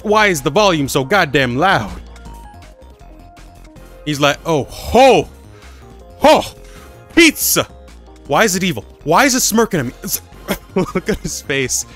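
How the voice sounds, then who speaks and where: Man, gaming streamer, crude jokey commentary, a bit high voice, faint game music. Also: lively intonation, moderate pace, pauses often, sharp tone. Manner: crude, joking, rambling. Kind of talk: casual gameplay commentary.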